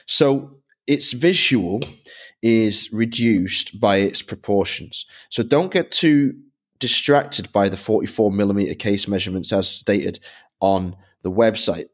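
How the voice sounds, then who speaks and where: A man from Britain co-hosting a podcast, explaining a product review in methodical detail. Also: medium pitch. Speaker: podcast co-host.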